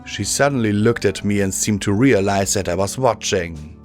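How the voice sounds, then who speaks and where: A low-pitched man narrates a fan-fiction audiobook in measured, steady tones, with faint music underneath.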